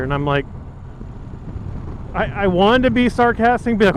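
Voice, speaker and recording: A man's voice: sits high, expressive, normal speed, long pauses. Rambling man in his thirties vlogging on a windy ride. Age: 30s. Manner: rambling, chatty, full of fillers and restarts. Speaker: motovlogger. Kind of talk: casual storytelling vlog. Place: outdoors on a windy road, riding a motorcycle. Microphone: helmet-mounted action camera mic. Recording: outdoor vlog with wind and road noise. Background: wind and engine noise.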